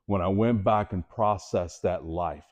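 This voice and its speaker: A man's voice: low-pitched, measured pace, dull audio. A middle-aged man giving a motivational talk to students, telling his story with animation and asking the audience direct questions. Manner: animated storytelling, voices the people in his stories. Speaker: motivational speaker.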